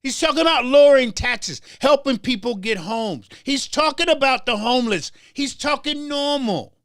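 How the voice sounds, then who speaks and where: A man's voice: extremely high pitch, expressive, moderate pace, fairly bright tone, dry recording, studio quality. A man hosting a political talk show, delivering a heated commentary monologue with stammered restarts and a preacher-like rhythm. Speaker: show host.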